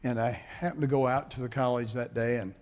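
Man, middle-aged, pastor, sermon, animated storyteller, mid-range pitch, asks the congregation for responses. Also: fairly quick.

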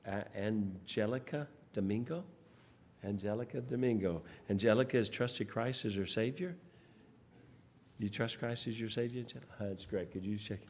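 A man, a pastor leading church service announcements in a rambling, folksy way, pausing often. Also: fairly low pitch, a little mellow. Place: church sanctuary. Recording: long church hall reverb, faint noise.

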